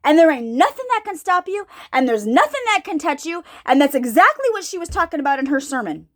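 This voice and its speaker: High, lively-voiced woman preacher. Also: a little fast. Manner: searching, repeats herself, asks the audience questions. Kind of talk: informal sermon.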